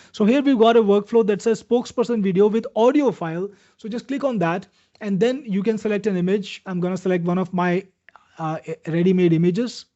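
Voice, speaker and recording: A man's voice: sits high, dark tone. A man with an Indian accent hosting a live webinar product demo, chatty and salesy, answering viewers by name. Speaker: webinar host demoing software. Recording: dull lo-fi webinar audio.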